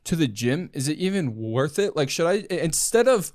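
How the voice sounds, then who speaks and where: A man's voice: a little high, big pitch swings, normal speed, hardly any pauses, darkish tone, no room sound, clean studio sound. Rambling young man hosting a podcast. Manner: rambling, jokey, says "dude" a lot. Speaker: podcast host. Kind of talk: casual solo podcast chat. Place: his own room.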